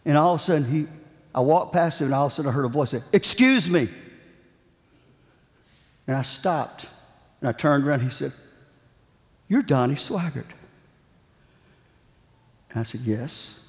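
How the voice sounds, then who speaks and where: A man's voice: mid-range voice, moderate pace, pauses often, a little mellow, in a large hall. A man preaching a sermon, telling a story with dramatic, emphatic repetitions.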